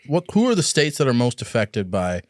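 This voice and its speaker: A man at a middling pitch hosts a relaxed podcast conversation. He asks long, meandering questions that restart and circle back before they land. The sound is dry and close, with no room around it. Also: brisk, dry recording. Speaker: podcast host. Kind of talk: casual podcast chat.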